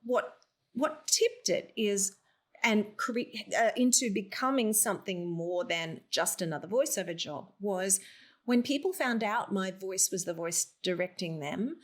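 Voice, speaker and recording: Animated Australian woman telling stories. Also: mid-range voice, measured pace. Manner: animated storyteller, laughs often. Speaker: guest, voiceover artist. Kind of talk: casual interview chat.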